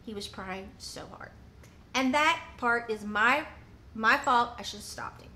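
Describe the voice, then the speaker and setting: A woman vlogger tells an indignant story with animated flair, re-enacting both sides of a phone call. Her voice is fairly high, pushed and bright, and her pace a little slow.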